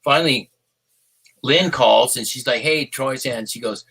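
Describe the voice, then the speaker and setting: Man, husky voice, bright tone, excitable storyteller, acts out quotes, video call. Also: medium pitch, measured pace. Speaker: former contestant guest. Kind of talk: animated storytelling chat. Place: home.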